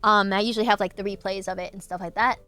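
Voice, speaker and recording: A woman's voice: medium pitch, steady tone, quick pace, pushed and bright, no room sound. A woman hosting a livestream, chatting casually with her viewers in a bubbly, giggly way with lots of filler words. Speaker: livestream host.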